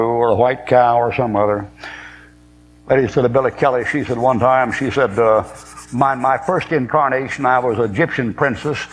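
Man, preacher, sermon, blunt, folksy, sarcastic, slow weighty scripture quotes, faint hum behind. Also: a little high, rough recording.

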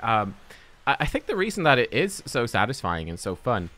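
A young man giving casual, chatty commentary over gameplay footage, self-deprecating and quick to laugh at himself. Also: medium pitch, very animated, pushed and bright. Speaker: gaming content creator.

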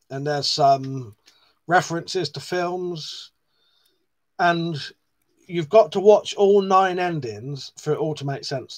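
On a live stream, a medium-pitched man casually reads out what viewers have commented, swearing a lot and chuckling at his own expense.

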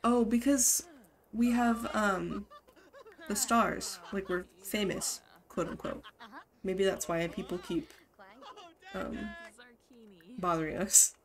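Slow-talking woman streaming gameplay. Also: mid-range voice, steady tone. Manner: casual, bursts into laughter, scolds her game characters. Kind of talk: live-streamed gameplay commentary.

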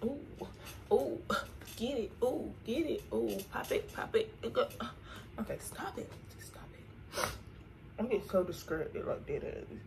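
A woman's voice: on the high side, animated, measured pace, creaky, a little mellow, a little hiss or hum. A young woman chatting casually while doing her makeup, slangy and singing snippets between remarks. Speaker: beauty vlogger. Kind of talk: casual get-ready-with-me chat.

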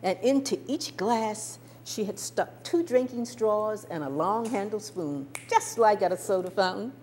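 An older woman telling a personal story from her childhood, expressive and with small stammers. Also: mid-range voice, a little slow, slight background noise. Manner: expressive, warm-toned recounting with small stammers.

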